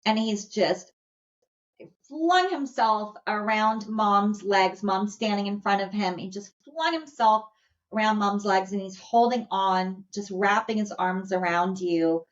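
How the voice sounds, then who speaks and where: A woman who works as an animal communicator and hosts a podcast, soft-spoken and heartfelt, hesitating now and then. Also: mid-range voice, takes it slowly. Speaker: animal communicator and dog trainer, podcast host. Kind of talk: intuitive reading and podcast wrap-up. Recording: slightly dull lo-fi audio.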